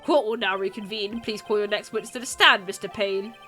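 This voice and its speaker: A woman's voice: mid-range voice, steady tone, a little fast, pushed and bright, faint music behind, close to an everyday voice. A woman voicing a stern, impatient old male judge in a game read-through. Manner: curt, impatient.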